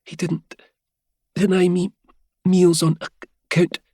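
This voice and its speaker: A man's voice: high voice, completely flat delivery, slow, husky, no room sound, clean studio sound, pitched above the performer's own voice, exaggerated voice. A man narrator voicing a cheerful, feverish young Scottish woman who stammers as she shivers. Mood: faltering. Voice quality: soft and stammering.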